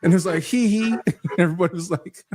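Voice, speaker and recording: A man's voice: on the high side, little pitch movement, fast talker, darkish tone, no echo, studio quality. A man in his forties, a lawyer guest, talking in a blunt, wry, philosophizing way during a casual chat.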